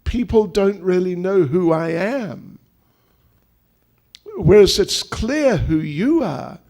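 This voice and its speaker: A man's voice: high voice, animated, slow, gravelly, darkish tone, heavily acted. A man voicing a divine young cowherd prince who teases and then pleads earnestly, speaking with emphatic questions. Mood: teasing. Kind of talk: acted quotes within a sermon.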